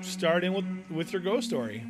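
A man's voice: high-pitched, lively intonation, moderate pace, over loud music. A man hosting a podcast in casual conversation, chatty and rambling with fillers. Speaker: podcast host.

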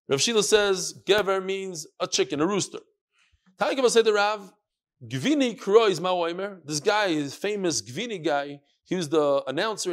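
A man teaching a Talmud class, telling stories in a lively way and sprinkling in Hebrew and Yiddish terms. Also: on the high side. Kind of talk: animated storytelling lesson.

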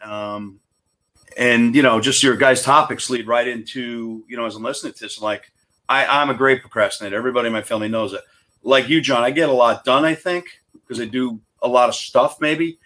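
Fast-talking man from Long Island. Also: medium pitch, fairly even intonation, bright, forceful tone. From Long Island, New York. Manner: chatty, rambling, self-deprecating. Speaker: podcast guest. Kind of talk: casual conversation. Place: his office.

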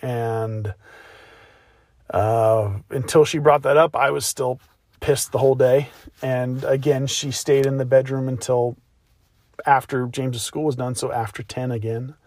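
This is a man in his thirties, worn out from sleepless nights, talking through his day in a plain, self-reflective way. He speaks slowly, at a middle pitch, as if thinking it over. The recording is dry and close, with no room sound. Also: fairly even intonation, darkish tone, no room sound. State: exhausted. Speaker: podcast host, new father of twins. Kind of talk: casual personal storytelling monologue.

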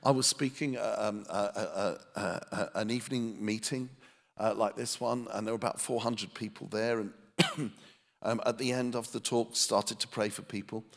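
A man's voice: fairly low pitch, fairly even intonation, normal speed. A man preaching a sermon as a pastor, telling self-deprecating stories with comic timing to a live audience. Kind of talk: sermon with humorous storytelling. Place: church meeting with a live audience. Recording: long reverb of a church hall.

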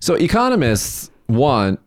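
A man hosting a casual podcast chat, a rambling, animated storyteller who acts out what others said. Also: medium pitch, a little slow, dry recording, studio quality. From United States. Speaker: podcast host, company CEO.

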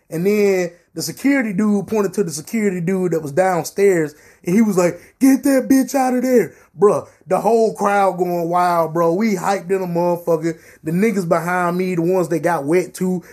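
A young man telling a profane, animated story on his podcast. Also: high voice. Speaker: podcast host. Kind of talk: casual storytelling.

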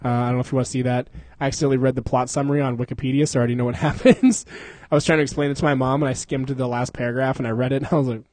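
A man's voice: medium pitch, flat delivery, very fast, hardly any pauses, darkish tone, dry recording. A young man co-hosting a podcast in casual chat, rambling and profane, laughing often and slipping into silly voices. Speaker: podcast co-host.

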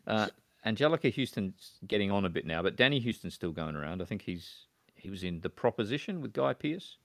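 A man with a fairly low voice talks through films in a loose, halting way, circling back on his words with fillers. The sound is close and dry, with no room around it. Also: very animated, gravelly, a bit bright, dry recording. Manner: hesitant, many fillers and restarts, chatty. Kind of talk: casual film discussion.

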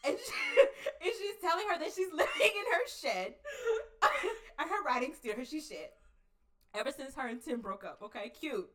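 A woman co-hosting a podcast in casual chat, animated and profane, laughing often and acting out scenes. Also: high-pitched, normal speed. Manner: animated, profane, laughs a lot, acts out lines. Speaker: podcast co-host. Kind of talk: casual chat recapping a show.

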